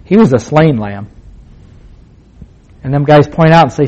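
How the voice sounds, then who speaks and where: A man with a somewhat high voice teaches scripture in a casual sermon. He talks plainly, like he's chatting with friends, but keeps asking questions and repeating his key points for emphasis. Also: expressive, a little slow, a little mellow, muffled recording. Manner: rhetorical questions and emphatic repetition; plain conversational phrasing. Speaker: Bible teacher.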